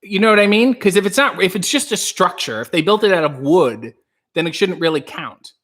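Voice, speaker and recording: A man's voice: high voice, expressive, a little fast, a bit bright. A man hosting a casual livestream, rambling and joking while he reads out chat comments. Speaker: livestream host.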